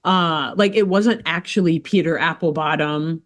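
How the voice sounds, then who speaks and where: A woman's voice: deep voice, moderate pace. Woman animatedly recapping a cartoon. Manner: animated storytelling with playful asides. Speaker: podcast host recapping a cartoon episode. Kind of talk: casual chat.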